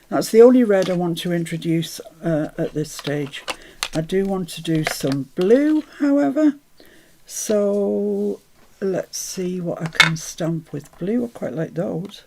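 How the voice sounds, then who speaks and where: Woman chatting while she crafts, gravelly voice. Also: fairly low pitch, a little hiss or hum. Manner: chatty, greets viewers brightly, mutters to herself while working. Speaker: craft livestream host. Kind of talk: casual live chat while crafting.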